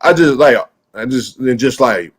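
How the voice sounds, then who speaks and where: A medium-pitched man with a breathy edge talks at a moderate pace while hosting a podcast. He rambles through a story casually, swearing often and leaning heavily on "like."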